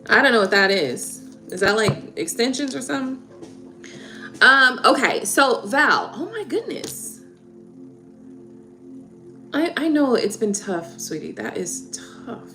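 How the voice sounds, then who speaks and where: A woman reading tarot on a livestream, chatting casually and warmly with viewers, laughing and getting emotional. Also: fairly high pitch, lively intonation, measured pace. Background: soft background music.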